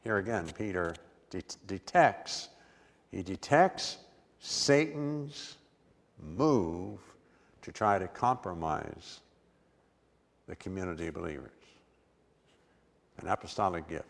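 A man's voice: low voice, expressive, takes it slowly, gravelly, long pauses, long reverb tail. A man preaching a sermon with emphatic stress and repeated words.

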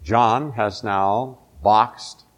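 A man's voice: fairly low pitch, steady tone, drawn-out words. A male pastor preaching a sermon, emphatic, drawing out key words.

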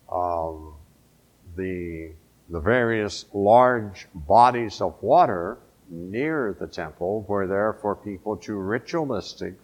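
A middle-aged man preaching a sermon in a conversational way, asking his listeners questions as he goes. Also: on the low side. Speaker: pastor.

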